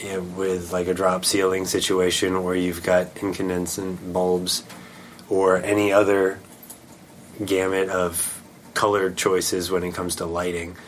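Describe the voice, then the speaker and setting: A man co-hosting a podcast, explaining lighting in a measured, casual way. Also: deep voice, completely flat delivery, slight background noise.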